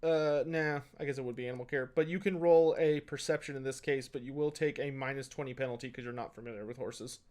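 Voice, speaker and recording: A man's voice: mid-range voice, fairly even intonation, fast talker, hardly any pauses, darkish tone. A man running a tabletop game as game master, describing scenes in a loose, rambling way. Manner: rambling descriptive narration with fillers. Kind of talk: game master narration, casual.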